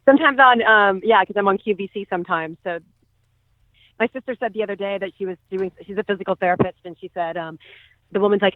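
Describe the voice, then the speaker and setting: A woman guest on a podcast, chatting casually, often laughing and pausing with fillers. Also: mid-range voice, no echo. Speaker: guest actress. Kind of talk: casual interview chat. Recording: tinny phone-line sound.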